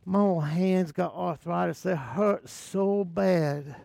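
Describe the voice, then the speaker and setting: A man voicing a devout, gentle elderly church mother with a Southern US accent, speaking slowly. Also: high voice, creaky, no echo, exaggerated voice. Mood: earnest.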